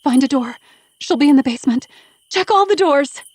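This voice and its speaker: A woman's voice: high-pitched, lively intonation, normal speed, no echo, voice pushed up. Woman reading an urgent, commanding woman. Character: determined injured woman taking charge.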